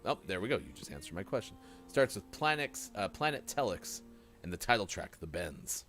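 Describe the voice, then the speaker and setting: Lively, joking male morning show host. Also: on the low side, normal speed, soft background music. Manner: lively, joking, rambling delivery. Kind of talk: casual live-stream radio chat.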